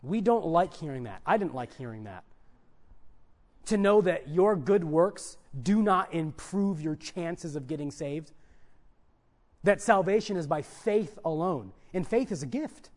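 Male preacher, high voice, emphatic sermon delivery with loud peaks and soft drops. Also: lively intonation, unhurried. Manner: emphatic, rises loud on key points, then drops to soft asides.

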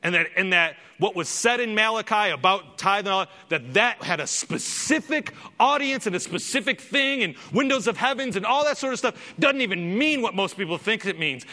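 A man's voice: sits high, expressive, normal speed, hardly any pauses, pushed and bright. A man preaching a sermon as pastor in a church sanctuary, emphatic and full of rhetorical questions. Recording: long reverb in a large hall.

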